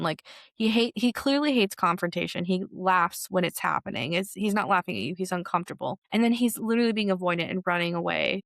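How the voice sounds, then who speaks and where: Chatty young woman with a creaky voice. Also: fairly low pitch, brisk, few pauses, no room sound, studio quality. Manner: chatty, animated, full of "like" fillers. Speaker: podcast host. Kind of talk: solo pop culture commentary.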